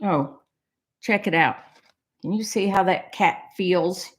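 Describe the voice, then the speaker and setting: A woman librarian reading a picture book aloud to young children, animated and explaining things simply. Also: lowish voice, slow. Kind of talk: children's storytime read-aloud.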